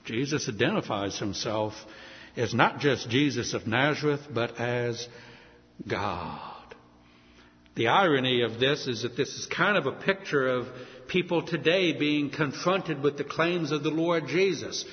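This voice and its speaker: A man preaching a sermon with emphasis, asking rhetorical questions and swinging between loud and soft. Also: medium pitch, animated, unhurried. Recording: dull, echoey hall sound.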